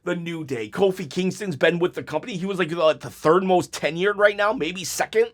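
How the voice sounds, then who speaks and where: High-voiced man venting angrily. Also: brisk. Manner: emotional, frustrated venting with many restarts. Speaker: wrestling YouTuber. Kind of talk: ranting reaction vlog.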